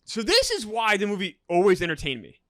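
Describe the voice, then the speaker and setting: Fast, bright-voiced man. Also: sits high, dry recording, studio quality. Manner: trivia-sharing, lively storyteller. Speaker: podcast co-host. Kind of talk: casual movie review chat.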